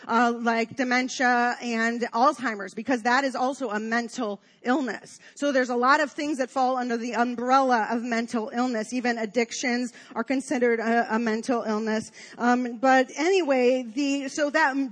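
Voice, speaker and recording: Fast-talking woman with a high voice. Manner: fast-talking, with many fillers and restarts. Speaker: lay church speaker. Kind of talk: church teaching talk.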